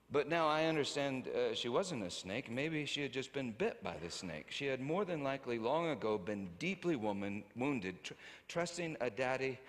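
A man preaching a sermon, a father telling stories about his children, animated, swinging from loud to hushed. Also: mid-range voice, big-room sound. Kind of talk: sermon with acted anecdotes.

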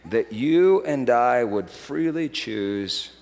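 A man preaching a sermon, swinging from hushed, slow phrases to loud, soaring outbursts. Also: medium pitch, animated, vocal fry, in a large hall.

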